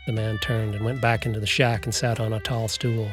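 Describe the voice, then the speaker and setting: Male audiobook narrator, low register, calm narration, light guitar bed. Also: brisk. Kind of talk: scripted narration.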